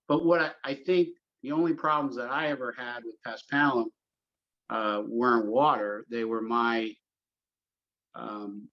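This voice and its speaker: A middle-aged man chatting through a podcast interview, winding through his stories with plenty of "uh" and false starts. His voice sits at an ordinary middle pitch, and the recording is dull and lo-fi. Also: fairly bright tone. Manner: rambling storyteller, many fillers and restarts. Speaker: golf course superintendent.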